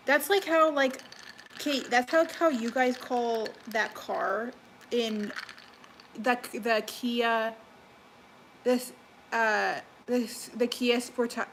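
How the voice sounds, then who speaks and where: A young woman from Alberta with a Canadian accent, chatting to her live-stream viewers from home. Her voice sits a little high, and she rambles with fillers and restarts. Faint room ambience hums under the talk. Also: slow pace, a little hiss or hum, poor audio. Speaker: livestreamer. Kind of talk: casual live-stream chat. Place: home kitchen, cooking.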